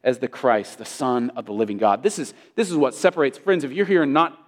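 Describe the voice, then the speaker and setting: A man's voice: medium pitch, fairly quick. A male pastor preaching an emphatic sermon, with his intensity rising and falling. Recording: long hall reverb.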